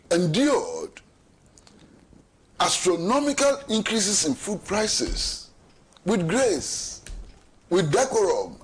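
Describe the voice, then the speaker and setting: A man's voice: sits high, breathy edge. A middle-aged man with a Ghanaian accent giving emphatic political commentary as a talk show host, repeating rhetorical questions. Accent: Ghanaian English.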